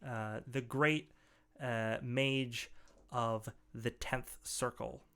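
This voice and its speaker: Slow, halting man running a game. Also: mid-range voice, level tone, a bit bright, clean tone. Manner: halting, searching for words. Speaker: game master. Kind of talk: narrating a tabletop game.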